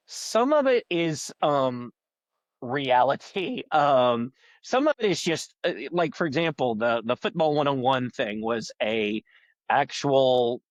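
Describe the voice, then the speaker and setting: Middle-aged comic, chatty and rambling, does voices for people in his stories; flat, dead-sounding mic. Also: mid-range voice, no echo, dull audio. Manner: rambling, animated storyteller who acts out quoted people in a raised voice. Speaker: guest comedian and balloon artist. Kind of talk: casual podcast interview.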